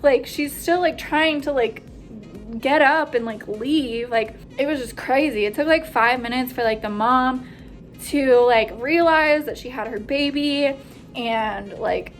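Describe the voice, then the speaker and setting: A young woman, a nursing student, excitedly retelling a hospital story in a casual vlog, full of "like" and acted-out quotes. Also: high voice, a little slow, soft background music. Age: young adult. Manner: animated, breathless retelling with frequent "like" and quoted voices.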